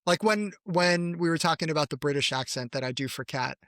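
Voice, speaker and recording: A man's voice: a little high, brisk, a bit bright, dry recording, clean studio sound. A man co-hosting a podcast in casual chat, talkative and giggly, often trailing off mid-thought. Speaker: podcast co-host.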